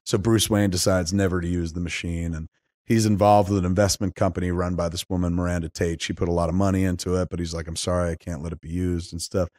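A man's voice: low-pitched, little pitch movement, quick pace, darkish tone, no echo, clean studio sound. A man hosting a podcast, recapping a film in a profane, rambling and enthusiastic way. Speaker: podcast host. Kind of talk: casual movie recap.

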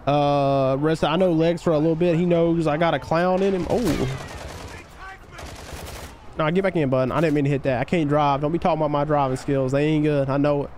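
A man live-streaming a game, chatting casually with his viewers and hyping up shout-outs to chat. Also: steady tone, a little fast, a little hiss or hum. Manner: hyped shout-outs to chat, voice jumping high on greetings; laid-back, easygoing talk between shout-outs.

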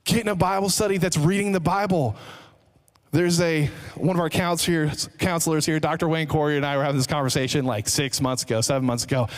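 A male pastor preaching a sermon in a church service, energetic, repeating key phrases for emphasis and tossing joking asides to the congregation. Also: on the high side, fairly quick. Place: church sanctuary, live service.

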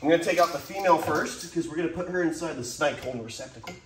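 A young man running a wildlife park, chatting casually to camera outdoors while feeding animals, excitable and quick to laugh, with loud sudden outbursts at the animals. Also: fairly high pitch, crowd noise. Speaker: wildlife park owner and vlogger.

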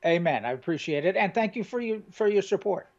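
Easygoing man co-host, higher voice. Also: animated, fast, a little mellow. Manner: easygoing, laughs along. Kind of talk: casual chat. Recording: dull lo-fi sound.

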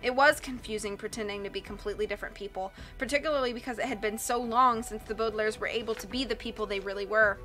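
Woman audiobook narrator, higher pitch, expressive storytelling. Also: quick pace, hardly any pauses, faint music behind. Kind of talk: audiobook reading.

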